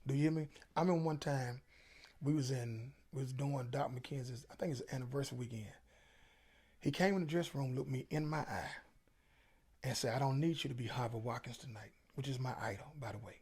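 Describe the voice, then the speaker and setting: Middle-aged man, gravelly, husky voice, emphatic preachy storytelling, interview guest. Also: medium pitch, fairly quick, a little mellow. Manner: preachy, emphatic, Southern Black vernacular. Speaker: featured guest.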